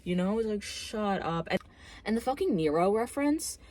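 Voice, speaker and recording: A woman's voice: mid-range voice, expressive, fairly quick, warm tone. A young woman in a casual movie review rant, exasperated and full of "like"s, swearing as she vents to the camera. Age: young adult. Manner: exasperated, filler-heavy with many "like"s, swears. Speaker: film reviewer.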